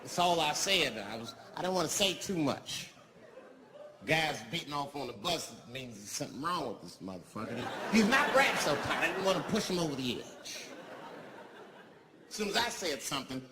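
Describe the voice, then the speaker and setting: A male stand-up comedian telling a profane, conversational story, swinging between low mutters and sudden outbursts. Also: sing-song, moderate pace. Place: live comedy venue. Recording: live stage mic, crowd noise. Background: audience laughter and noise.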